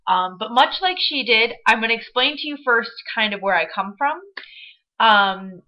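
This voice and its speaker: A woman's voice: fairly high pitch, animated, normal speed. A young woman from Michigan with a Midwestern American accent, chatting casually and bubbly in a vlog with frequent fillers. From Michigan, USA. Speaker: vlogger. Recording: dull lo-fi webcam audio.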